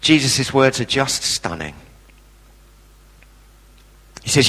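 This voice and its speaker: A man delivers a sermon with passion, leaning hard on his words and using plain blunt phrasing. He speaks slowly in a fairly high voice. A long reverb hangs around him, as in a hall. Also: a bit bright. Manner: impassioned, emphatic, blunt colloquial turns. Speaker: preacher.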